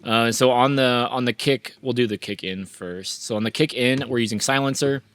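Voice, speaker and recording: A man hosting a relaxed mixing tutorial, talking through his plugin settings with frequent restarts and fillers. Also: mid-range voice, moderate pace. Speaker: mixing engineer and tutorial host. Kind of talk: casual screen-share mixing walkthrough.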